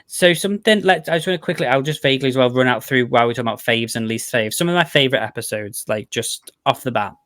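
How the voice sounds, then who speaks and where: A talkative man hosts a casual review show, tumbling through his thoughts with endless "like"s and restarts. His voice sits at an ordinary middle pitch. It sounds close and dry, with no room echo. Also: fast talker, few pauses, fairly bright tone. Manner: chatty and rambling, full of "like" and restarts; enthusiastic, gushing about favorites. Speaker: podcast host reviewing a TV series. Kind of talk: casual chat.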